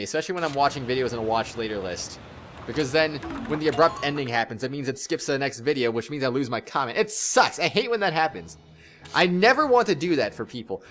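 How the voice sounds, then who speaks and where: A young man talks over his own game footage in a loose, rambling way, stumbling over his words and laughing at himself. His pitch swings widely from low mutters to bright bursts. Faint music plays underneath his voice. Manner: rambling, self-mocking, laughs often, stammers and restarts. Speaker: gaming channel host. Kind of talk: casual post-recorded game commentary.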